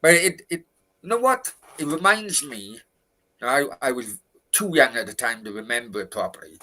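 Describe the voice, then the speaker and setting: A man's voice: medium pitch, animated, moderate pace, sharp tone, low-quality recording. A man co-hosting a casual football talk show from a hotel room, ranting and swearing about his club's transfers. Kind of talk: casual chat.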